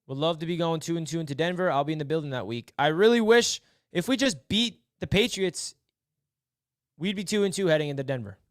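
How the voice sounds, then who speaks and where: Young ny dude live streaming sports talk, rambly and mopey-joking, smooth clear voice. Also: male voice, on the high side, a little fast, no echo, studio quality. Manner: rambling, mock-despairing, repeats himself.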